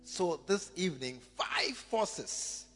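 A man preaching a sermon through an interpreter, with an animated delivery that acts out little scenes. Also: sits high, slow. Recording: echoey hall with faint music.

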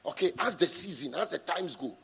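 Gravelly, husky preacher in a reverberant hall. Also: male voice, a little high, lively intonation, brisk. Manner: emphatic, swings from soft asides to shouting; prompts the congregation for responses. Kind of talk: sermon with scripture reading. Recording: long reverb in a large hall.

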